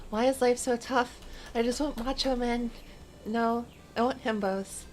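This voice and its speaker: A woman's voice: a little high, steady tone, measured pace, a little mellow, slight background noise. A woman streaming a game and chatting casually, rambling in a playful, self-mocking way. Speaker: VTuber streamer.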